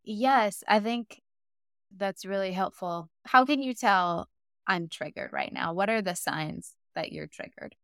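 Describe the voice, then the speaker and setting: A woman's voice: mid-range voice, unhurried, fairly bright tone, clean tone, no echo, clean studio sound. A woman hosting a podcast interview, asking attentive, encouraging questions. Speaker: podcast host.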